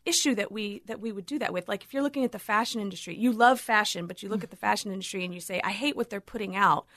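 A middle-aged woman, a theater educator and guest on a talk show, telling stories in a lively, quick way. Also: mid-range voice, no room sound, studio quality. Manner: lively, quick storyteller with quoted asides. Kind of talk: animated storytelling in a talk show.

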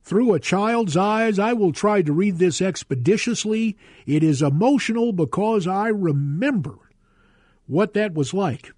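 A man's voice: sits high, lively intonation, measured pace, a little mellow, no echo. A man in his sixties hosting a talk radio show, telling stories with an emphatic delivery into a studio microphone. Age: 60s. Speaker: radio guest host.

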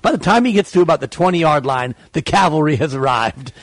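Husky, wry sports radio co-host man. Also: a little high, animated, fairly quick, no echo. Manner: wry, teasing storyteller.

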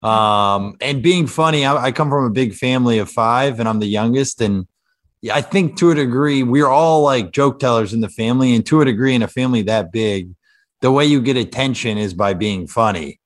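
A man's voice: mid-range voice, moderate pace. A man in his thirties from Kansas chats as a podcast guest in a mid-range voice. He talks in a loose, self-deprecating way, dropping dry jokes between ums and uhs. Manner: self-deprecating, dry joking with hesitant fillers. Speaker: comedian guest. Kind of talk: casual podcast chat.

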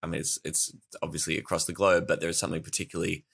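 Deep deadpan man podcaster. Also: racing, gravelly, husky. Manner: dry, deadpan sarcasm. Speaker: podcast co-host. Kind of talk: casual political chat.

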